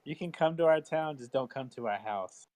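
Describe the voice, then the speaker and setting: A man co-hosting a podcast, joking around in casual chat with quick interjections. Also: medium pitch, animated, darkish tone.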